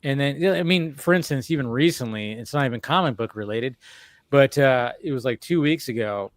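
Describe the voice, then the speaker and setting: A man hosting a casual chat, telling animated stories with frequent laughter and restarts. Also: medium pitch, fairly quick, no echo, clean studio sound. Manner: animated storyteller, laughs often, many restarts. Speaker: podcast host.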